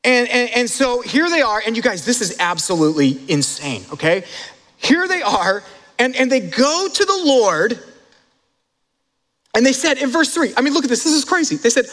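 An animated male pastor in the middle of a sermon, with a high, bright-sounding voice. He talks right to his congregation, throws in asides and laughs, and his voice carries a long, reverberant hall echo. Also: moderate pace.

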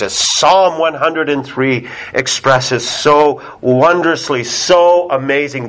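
A man delivering a sermon with earnest emphasis. His voice sits fairly high for a man, and he takes his time, drawing out his words slowly. He often turns to the listener with rhetorical questions. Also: a bit bright. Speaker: pastor.

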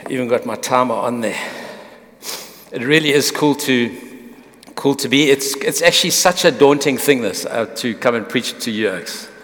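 A man's voice: mid-range voice, normal speed, a bit bright, big-room sound. A man preaching a sermon to his church, earnest and conversational, restarting phrases as he goes. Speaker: pastor.

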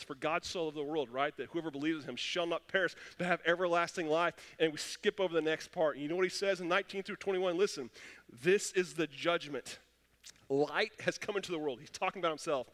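A man's voice: a little high, a bit bright. A man preaching a sermon as pastor, passionate and acting out the voices he quotes. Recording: long echo of a church hall.

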